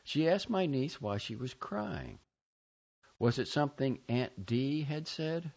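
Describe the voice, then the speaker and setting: A man reading a first-person story aloud, expressive and shifting between quiet and louder lines. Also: mid-range voice, slow pace, gravelly, muffled recording. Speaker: audiobook narrator. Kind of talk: scripted first-person narration.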